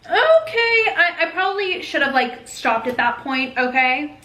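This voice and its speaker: A young woman telling a storytime in a high, bright voice. She is candid and animated, and she swears freely. The sound has a roomy echo. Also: normal speed. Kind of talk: casual storytime.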